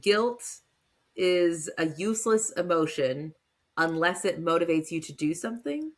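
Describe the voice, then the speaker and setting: A woman's voice: on the low side, animated, unhurried. A woman co-hosting a podcast, chatting playfully and joking. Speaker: podcast co-host. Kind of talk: casual chat.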